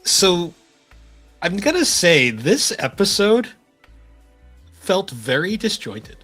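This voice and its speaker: A man co-hosting a casual podcast chat, laid-back and hesitant, with a husky voice. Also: high-pitched, very animated, slow pace, pushed and bright, faint music behind. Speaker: podcast co-host.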